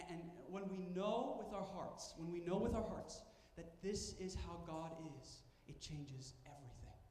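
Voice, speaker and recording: A man's voice: fairly high pitch, darkish tone, a little hiss or hum. A man preaching a sermon as pastor, telling stories with emphatic repetition. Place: church sanctuary. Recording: echoey church hall with faint ambience.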